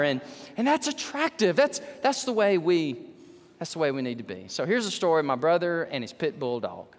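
Animated preacher in a reverberant hall. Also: male voice, sits high. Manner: animated, swinging between loud and hushed. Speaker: pastor. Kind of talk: sermon with storytelling. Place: church sanctuary.

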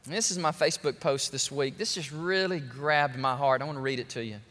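A male pastor preaching a sermon in an emphatic, animated way, with folksy humor. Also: mid-range voice, fairly quick. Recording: long hall reverb.

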